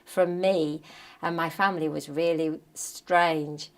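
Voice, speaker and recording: Low-voiced woman recalling the past. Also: steady tone, takes it slowly. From Bradford, Yorkshire. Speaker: documentary interviewee. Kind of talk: recollection in an interview.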